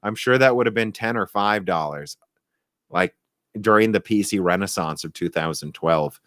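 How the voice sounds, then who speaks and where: A young man with a low, slightly bright voice hosts a casual tech hardware live stream at a moderate pace, captured in a dry recording. As a tech podcast host, he rambles chattily and laughs easily.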